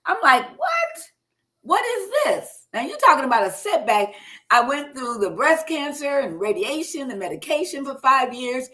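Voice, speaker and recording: A middle-aged woman hosting a live health talk show, telling a personal health story with lively, animated delivery and acting out the doctors' words and her own shocked replies. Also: sits high, moderate pace. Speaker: host.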